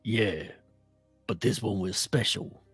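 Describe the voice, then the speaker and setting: A man's voice: fairly low pitch, slow pace, breathy edge, no room sound, faint music behind. A man playing a tabletop game, describing his moves hesitantly while thinking aloud. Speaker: player. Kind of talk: casual game talk.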